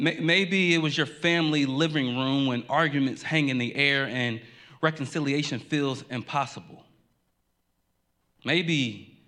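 A man's voice: mid-range voice, bright, forceful tone. A man preaching a sermon as pastor, earnest, repeating key lines for emphasis, with occasional stammered restarts.

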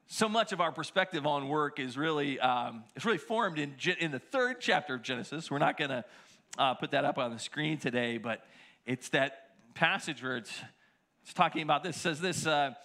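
Middle-aged male pastor, sermon delivery, bright tone, animated storyteller with frequent restarts. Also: on the high side, normal speed. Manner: storytelling, animated, shouting quoted lines.

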